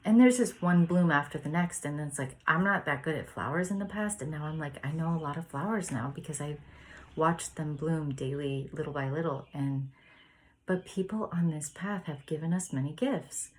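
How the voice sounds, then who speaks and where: A woman in her thirties leading a spiritual study, chatting in a gentle, meandering way and laughing often. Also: low-pitched. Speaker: spiritual study group leader. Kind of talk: casual reflective sharing and reading aloud.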